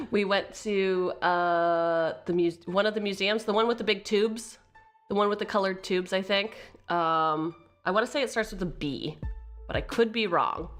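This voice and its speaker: A woman's voice: on the low side, fairly bright tone. Laughing woman streamer telling family stories. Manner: chatty, laughs often between lines. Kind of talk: casual storytelling during a live stream.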